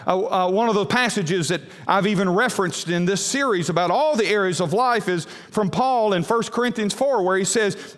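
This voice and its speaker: A man's voice: high voice, lively intonation, normal speed, hardly any pauses, fairly bright tone. Male pastor preaching, folksy, lots of uh's, big echoey church. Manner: folksy, with frequent uh fillers and repeats. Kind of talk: sermon. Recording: long hall reverb.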